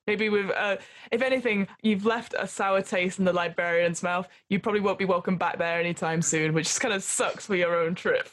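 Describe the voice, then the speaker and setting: A woman's voice: lowish voice, steady tone, a little fast. Rambling woman game master. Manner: rambling with many fillers. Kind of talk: narrating a tabletop horror game.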